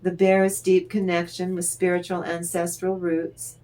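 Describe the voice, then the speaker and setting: A woman reads tarot cards aloud, speaking to the listener as if they were sitting across from her. Her voice sits a little low, and she takes her time, letting words hang between phrases. She is encouraging and breaks into laughter now and then. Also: completely flat delivery, dark tone. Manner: unhurried, addresses the listener directly, encouraging; laughs often. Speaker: tarot reader. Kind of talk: tarot card reading to the viewer.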